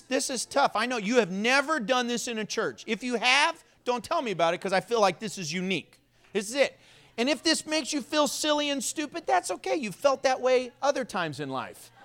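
A man preaching a sermon as pastor in a church, playful and energetic, joking with the congregation. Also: very high voice. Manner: playful, self-mocking, energetic.

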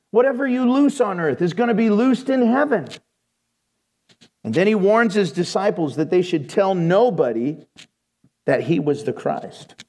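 A man preaching a sermon, reading scripture and retelling it in a conversational, animated way with playful asides. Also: on the high side.

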